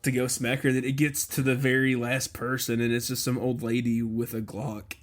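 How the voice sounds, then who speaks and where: A man's voice: mid-range voice, little pitch movement, brisk. A man co-hosting a podcast, chatting loosely about a comedy film and laughing often. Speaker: podcast co-host. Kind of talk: casual movie recap chat.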